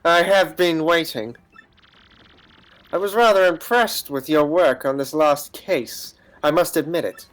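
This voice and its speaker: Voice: mid-range voice, measured pace, natural voice. A streamer voicing a pompous, formal male penguin detective from a game, self-assured and grandiose. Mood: smug. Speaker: streamer reading game dialogue. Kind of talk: voice acting a game's text on stream.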